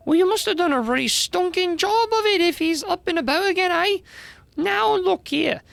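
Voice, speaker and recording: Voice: expressive, moderate pace, vocal fry, no room sound, exaggerated voice. A streamer voicing a cheeky little fairy who chatters in heavy slang. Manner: chirpy, slang-heavy, high and bright.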